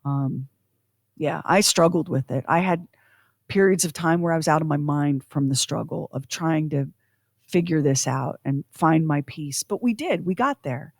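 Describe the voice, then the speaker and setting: A woman's voice: low-pitched, moderate pace, creaky, no echo, studio quality. Earnest middle-aged woman sharing her feelings. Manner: earnest, heartfelt, speaks in run-on sentences. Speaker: radio show co-host. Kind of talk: casual talk show chat.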